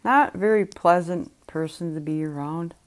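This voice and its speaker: A woman's voice: lowish voice, moderate pace. A woman hosting a reaction video, commenting casually with musing, speculative asides.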